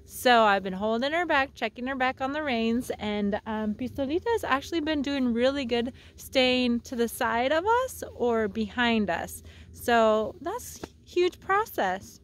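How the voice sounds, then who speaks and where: A woman's voice: on the high side, moderate pace, hardly any pauses. A woman vlogging outdoors on a trail ride by a creek, talking playfully and cooing to her animals. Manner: cooing, playful talk to animals, frequent laughs. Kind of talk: casual vlog narration.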